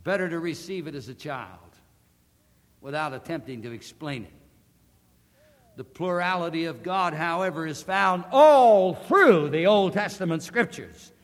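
A man preaching a sermon, emphatic and deliberate, slowing down to stress key words. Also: on the high side, lively intonation. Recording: long hall reverb.

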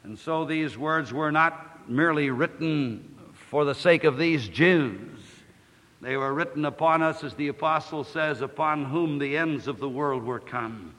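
A man preaching a sermon, reading scripture in a declamatory way, slowing and rising on the quoted verses. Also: on the high side, a bit bright. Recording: long hall reverb.

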